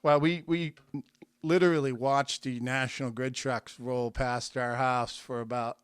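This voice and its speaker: Chatty male podcast host, smooth voice. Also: medium pitch, fairly even intonation, a little slow, no room sound. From New England. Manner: chatty, rambling with fillers. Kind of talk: casual interview chat.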